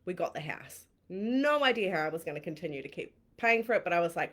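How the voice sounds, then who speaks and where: A woman with a New Zealand accent, a coach telling her own story in a candid, excitable way, laughing often and swearing casually on a live stream. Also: lowish voice, fairly quick. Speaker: manifestation coach.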